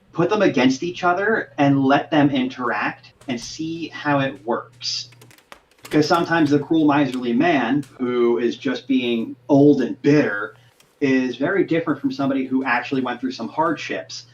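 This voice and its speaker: A man's voice: medium pitch, lo-fi sound. A man who is a voice actor and game master, explaining his craft earnestly in a podcast interview.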